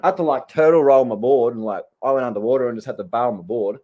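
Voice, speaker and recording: This Australian surfer vlogger has a mellow, mid-range voice and talks quickly over lo-fi sound. His storytelling is a casual, blunt rant laced with swearing.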